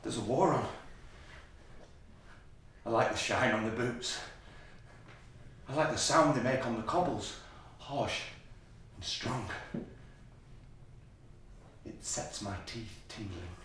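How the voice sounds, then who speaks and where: An actor playing a menacing, order-obsessed psychopathic man in a stage monologue, slow and intense, dropping to whispers and bursting out loud. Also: mid-range voice, a little hiss or hum. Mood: fixated. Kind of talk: theatrical monologue. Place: theatre stage. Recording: distant, echoey stage recording.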